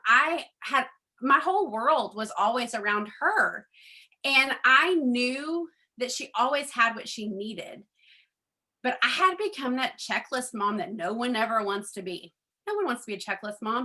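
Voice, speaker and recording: A woman's voice: on the high side, pushed and bright. A middle-aged woman giving a chatty personal testimony to a group, acting out quoted conversations, with frequent ums. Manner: chatty storyteller, acts out quoted dialogue; frequent ums, addresses audience as guys. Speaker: network marketing speaker.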